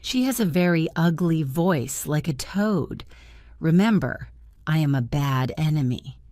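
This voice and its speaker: A woman's voice: low-pitched, lively intonation, measured pace, dark tone, no echo, clean studio sound. A woman voicing a threatening male opera ghost who makes demands in a letter.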